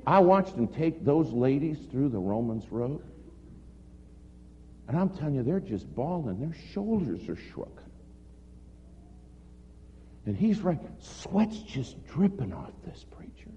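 Dramatic preacher telling a story in a hall. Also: male voice, medium pitch, big pitch swings, measured pace, long pauses, mellow. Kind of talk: storytelling sermon. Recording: echoey hall, dull lo-fi sound with faint noise.

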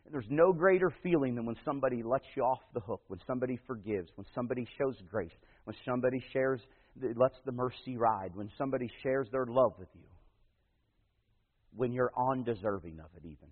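A man preaching a sermon as pastor, telling a personal story in a folksy way, moving between loud emphatic passages and hushed slow ones. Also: medium pitch, breathy edge. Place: church. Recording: tinny phone-like radio broadcast in a big reverberant hall.

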